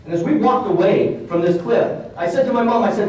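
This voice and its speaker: A man's voice: sits high, animated, fairly quick, darkish tone. Male conference speaker, earnest and conversational, recorded from a distance in a very echoey hall with a faint hiss. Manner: earnest, conversational storytelling with emphatic repeats. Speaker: motivational speaker. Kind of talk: storytelling keynote talk. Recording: roomy hall sound from off mic.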